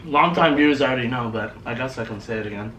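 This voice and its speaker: A young man hosting a casual, joking group chat while eating, loud and excitable. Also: mid-range voice, fast talker, reverberant, recorded from a distance, slight background noise. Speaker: YouTube host. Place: room at home.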